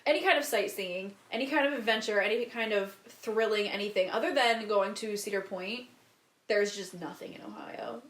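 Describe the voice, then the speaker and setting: A woman's voice: mid-range voice, moderate pace, fairly bright tone. A woman hosting a podcast, chatting casually in a blunt, exaggerating way and often laughing. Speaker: podcast host. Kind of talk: casual chat. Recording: roomy echo.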